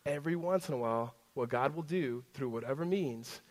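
A young man preaching a sermon in a conversational way, often dropping to a hush and then rising loud again, with many fillers and restarts. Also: medium pitch, fairly quick. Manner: conversational preaching with swings between loud and hushed; frequent fillers and self-interruptions. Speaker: pastor. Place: large room with a congregation.

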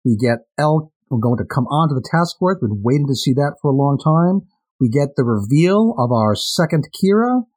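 Male co-host, relaxed chat, voice a little high. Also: moderate pace. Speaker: podcast co-host. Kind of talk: casual podcast chat.

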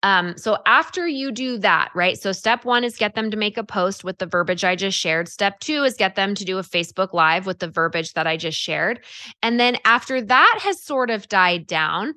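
A woman coaching direct sellers in a chatty, animated way, acting out example scripts as she goes. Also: mid-range voice, normal speed, no echo, studio quality. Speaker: sales coach. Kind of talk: coaching talk on social selling.

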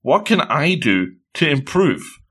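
A man's voice: on the high side, sing-song, takes it slowly, a bit bright, breathy edge, exaggerated voice. A man voicing an upset teenage girl lacrosse player, with whiny, flustered pleading.

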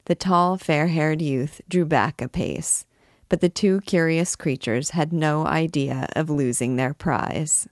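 A woman narrating a classic novel aloud in a measured, even reading voice, lightly voicing the characters. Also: sits low, dry recording, clean studio sound. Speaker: audiobook narrator.

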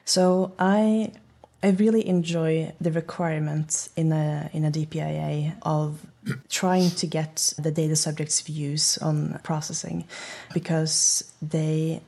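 A woman's voice: low-pitched, flat delivery, slow, warm tone, husky. A woman, a project manager being interviewed, speaking thoughtfully with many restarts. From Norway. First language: Norwegian. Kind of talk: interview talk.

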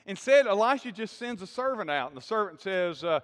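A man's voice: high-pitched, very animated, fairly quick, hardly any pauses. A man preaching a sermon and asking the congregation questions as he talks. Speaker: pastor. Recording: long hall reverb.

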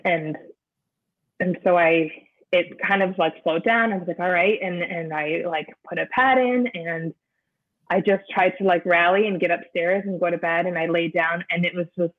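A woman, an interview guest, recounting a personal experience in a halting way, often restarting as she searches for words. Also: on the low side. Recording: narrow phone-like sound.

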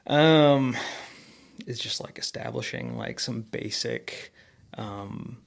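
A man's voice: mid-range voice, wildly swooping pitch, takes it slowly, vocal fry. A young adult man answering interview questions candidly and with self-deprecating humor. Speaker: guest.

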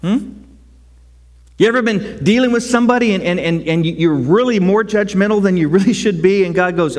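A man preaching a sermon as pastor, conversational and animated, rising to loud cries. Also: high voice, a little fast. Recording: long hall reverb.

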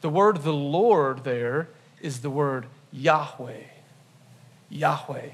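A man preaching a church sermon as a pastor, teaching in a conversational, animated way with playful asides to the congregation. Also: a little high, slow. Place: church service.

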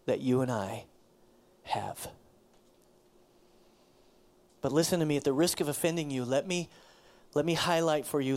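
A man's voice: fairly high pitch, a little mellow. Preaching man dropping to near whispers. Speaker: pastor. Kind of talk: sermon.

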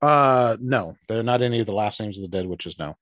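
A low-pitched man acts as game master for a tabletop role-playing session, often stopping and restarting his sentences as he describes the scene. His voice sounds close and dry, with little room around it. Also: a bit bright, no room sound. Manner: halting, restarts phrases while describing scenes.

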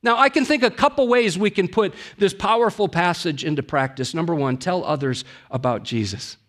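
A man preaching a sermon as pastor, emphatic, with dramatic pauses and drops to a low hush.

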